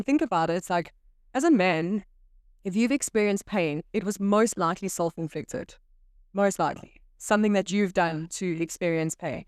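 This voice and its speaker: A woman co-hosting a casual podcast chat, an animated storyteller who often quotes other people. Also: fairly low pitch, clean tone, no echo, studio quality. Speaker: podcast co-host.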